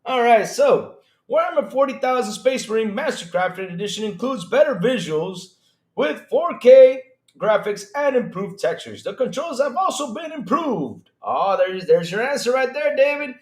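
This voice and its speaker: Male stream host, lively high voice with big swings, slangy chat-reading manner, roomy echo. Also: moderate pace. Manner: animated, reads chat aloud, slangy asides. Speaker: podcast host. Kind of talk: casual livestream chat, reading news.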